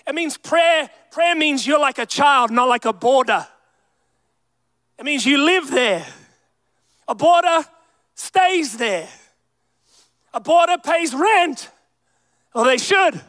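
A man's voice: extremely high pitch, animated, slow, long pauses, fairly bright tone, no echo. A young man preaching a sermon with emphatic delivery, calling out to the congregation. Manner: emphatic preaching with crowd call-outs. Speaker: pastor.

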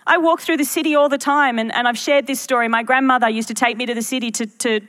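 A woman's voice: fairly high pitch, steady tone, fast, fairly bright tone. A woman pastor preaching a sermon to her church, earnest and full of rhetorical questions to the congregation.

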